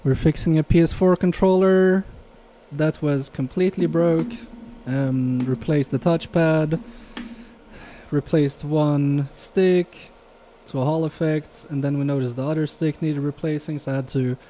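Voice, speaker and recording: A man's voice: fairly high pitch, fairly even intonation, measured pace, dark tone, slight background noise. A man chatting casually with his live-stream chat while repairing electronics, joking, swearing and laughing often. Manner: laughs often between remarks.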